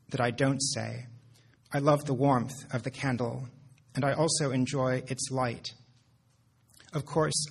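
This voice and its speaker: A man, a poet, reading his own poetry in a measured, deadpan recitation. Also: mid-range voice, breathy edge.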